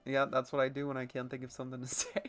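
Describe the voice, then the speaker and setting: This let's-play streamer speaks in a remarkably low, monotone voice and at great speed. She rambles loosely through live gameplay, mocking herself and swearing casually, while soft music plays faintly in the background.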